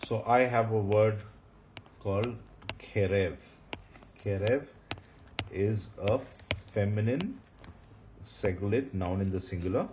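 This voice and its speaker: A man giving a recorded grammar lesson, explaining step by step and repeating each term slowly. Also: fairly low pitch. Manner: methodical, repeats terms slowly. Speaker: Hebrew grammar teacher. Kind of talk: recorded lecture. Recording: dull lo-fi sound with faint hiss.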